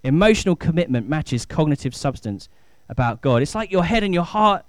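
Man, 30s, pastor, enthusiastic family sermon, high clear voice, dry sound. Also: sing-song, brisk, no echo. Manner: chatty, enthusiastic, rising to emphatic. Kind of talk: family church talk. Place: church.

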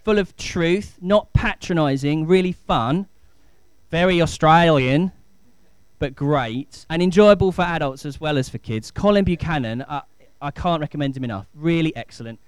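A man's voice: a little high, normal speed, clear, resonant tone, no room sound. A man in his thirties, a pastor giving a chatty, enthusiastic family talk in church. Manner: chatty, enthusiastic, rising to emphatic.

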